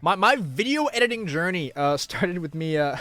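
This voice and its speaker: A young man chatting casually on a live stream, talking to his chat, moving between mock outrage and low mumbling asides. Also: very animated, normal speed, bright, forceful tone, no echo. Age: young adult.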